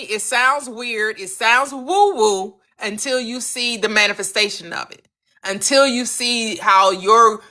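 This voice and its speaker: A woman's fairly high voice comes across pushed and bright as she hosts an animated manifestation live-stream. As coach, she speaks to viewers by name, repeats questions for emphasis, and acts out snippets of quoted dialogue.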